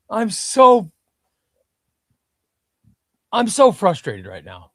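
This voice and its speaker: Excitable, flustered man hosting a stream. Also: sits high, very slow, pauses often, husky, dry recording, studio quality. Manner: excitable, self-deprecating, flustered. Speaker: comic book livestream host. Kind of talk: casual live stream chat.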